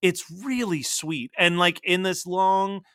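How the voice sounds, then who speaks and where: Man, podcast co-host, animated casual chat, bright tone, dry recording. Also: high voice, slow, clear, resonant tone, no echo. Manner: animated, lots of "like" fillers. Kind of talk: casual pop culture chat.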